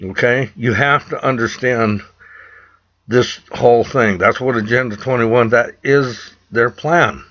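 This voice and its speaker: A man's voice: mid-range voice, unhurried, a bit bright. A man from the United States speaking straight to camera in an urgent, preachy rant, often repeating himself. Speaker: vlogger. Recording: dull lo-fi recording.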